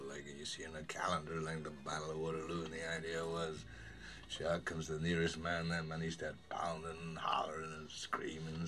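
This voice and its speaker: An actor playing a grizzled old sea captain telling a grim shark story in a film monologue, with a slow drawl. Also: male voice, extremely low pitch, a bit bright. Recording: distant film audio with faint ambience.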